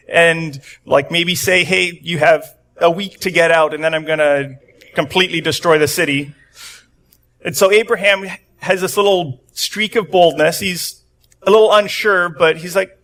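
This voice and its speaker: Young guy preaching casually, pretty high voice, chatty, acts out the quotes. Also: steady tone, normal speed, a bit bright. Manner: conversational, acts out quotes with rising pitch. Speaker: pastor. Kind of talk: casual sermon. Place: church room with a congregation.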